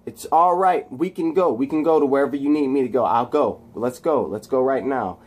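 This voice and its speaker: A man voicing a young male superhero, earnestly pleading and trying to calm someone down. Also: medium pitch, a little fast, natural voice. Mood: soothing.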